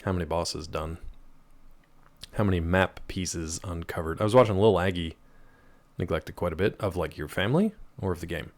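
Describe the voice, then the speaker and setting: A man's voice: low-pitched, moderate pace, darkish tone. A man streaming a game live, chatting casually and teasing his chat as he answers them.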